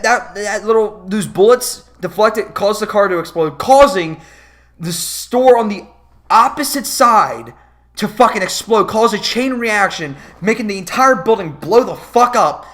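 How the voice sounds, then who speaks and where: A man's voice: sits high, expressive, unhurried, a bit bright. Sarcastic, foul-mouthed male movie ranter. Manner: sarcastic, profane, exasperated. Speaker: movie reviewer. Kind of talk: profane movie commentary rant.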